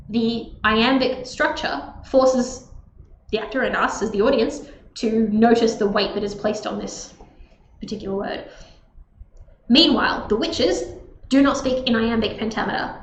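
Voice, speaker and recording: Aussie woman tutor, chatty lesson, bit high voice, roomy room, faint hiss. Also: normal speed. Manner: chatty, filler-heavy, stresses words in read quotes. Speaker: tutor presenting a text analysis lesson. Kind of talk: explanatory lecture, casual.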